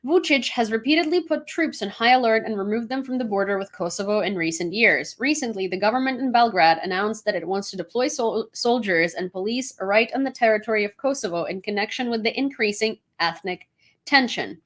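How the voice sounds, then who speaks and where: A woman from Ukraine hosts a casual news commentary. She talks at an ordinary, middle pitch and is frank and chatty, ready to give her own opinion. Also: expressive, brisk.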